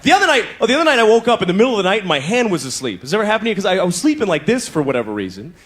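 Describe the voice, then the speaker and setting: Middle-aged guy doing stand-up, kinda high voice, jumps all over the place, little bit of hiss behind. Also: racing, a faint crowd. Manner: animated storytelling, acting out voices and moans. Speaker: stand-up comedian. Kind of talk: stand-up comedy routine.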